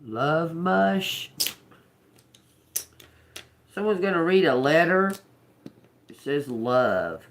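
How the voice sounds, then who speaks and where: A woman on a casual livestream, slowly reading out and repeating words one by one. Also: sits low, expressive, a little hiss or hum. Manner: slow, drawn-out, repeats words as she reads them. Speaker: tarot reader on a livestream.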